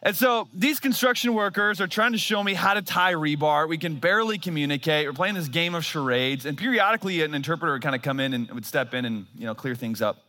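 Pastor, male, 30s, self-mocking storyteller in a church sermon, bright ringing voice, a bit high for a man. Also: expressive, fast, hardly any pauses.

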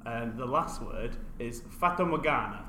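A man's voice: mid-range voice, sing-song, moderate pace, fairly bright tone. A man hosting a casual word-guessing chat, playful and laughing often. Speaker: host. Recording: echoey room with background noise.

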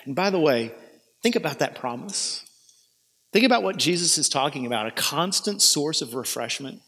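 A man's voice: fairly high pitch, lively intonation, normal speed, fairly bright tone, slightly rough. A male pastor preaching a sermon in an earnest, urging way, with conversational asides. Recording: long hall reverb.

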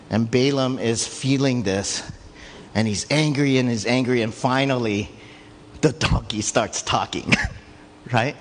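A man preaching a sermon, retelling a story in a lively, conversational way with frequent asides. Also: mid-range voice, a little slow, a little hiss or hum. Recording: long hall reverb.

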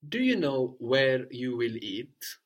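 A man's voice: mid-range voice, sing-song, slow pace. Patient man teaching a language. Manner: patient, repeats and praises answers. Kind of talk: guided language lesson.

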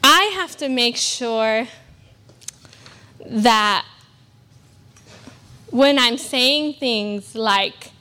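A woman's voice: a little high, expressive, very slow, pauses often, bright, forceful tone. A young woman from California preaching a sermon at a church service, earnest and emphatic with self-deprecating asides. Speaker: guest preacher.

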